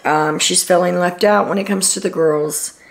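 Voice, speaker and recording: A Texan woman hosts her own reality TV recap and gives blunt, exasperated opinions. Her voice sits a little low and carries a gravelly fry. She talks in a casual, chatty way. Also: fairly even intonation, moderate pace. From Texas, USA. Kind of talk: casual commentary.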